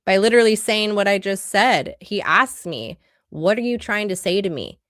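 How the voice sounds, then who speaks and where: A woman's voice: mid-range voice, animated, moderate pace, fairly bright tone, no echo, studio quality. A woman relationship coach giving an earnest, conversational livestream talk full of rhetorical questions.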